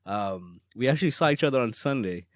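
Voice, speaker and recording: A man's voice: medium pitch, fairly quick, dry recording, clean studio sound. A young man co-hosting a podcast in casual chat, telling stories with lots of laughter. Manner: laughs often, animated storyteller. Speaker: podcast co-host.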